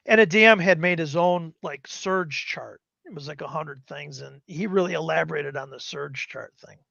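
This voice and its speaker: Gravelly high-voiced guy in his 50s rambling thru old game stories, dull lo-fi stream sound. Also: normal speed, no room sound. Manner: rambling, animated retelling with acted quotes. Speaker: guest gamer. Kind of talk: casual storytelling.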